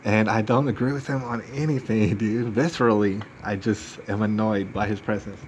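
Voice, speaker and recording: A man's voice: on the low side, fairly even intonation, normal speed, a little mellow, slight background noise. Man ranting casually on a live stream. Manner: rambling, emphatic, acts out other people's lines. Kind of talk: casual storytelling rant.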